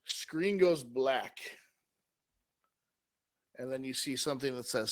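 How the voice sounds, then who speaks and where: A man co-hosting a comedy show, improvising a story with slow, drawn-out delivery and dramatic pauses. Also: mid-range voice, dry recording. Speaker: co-host.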